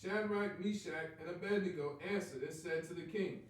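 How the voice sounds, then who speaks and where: A man's voice: high voice, moderate pace. A man reading King James Bible verses aloud in a class, calling out each verse number as he goes. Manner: reads steadily, announces verse numbers. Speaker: scripture reader. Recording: very echoey room, far from mic.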